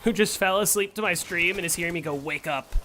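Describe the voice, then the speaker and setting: A man's voice: sits high, steady tone, fast, noisy background. A young man streaming a game and chatting casually with his viewers, answering them with playful sarcasm. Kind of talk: casual live-stream chat while playing.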